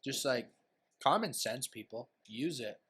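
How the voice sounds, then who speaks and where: A man's voice: mid-range voice, lively intonation, a little slow, fairly bright tone, husky. A man, co-hosting a podcast in laid-back, easygoing casual chat. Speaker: podcast co-host.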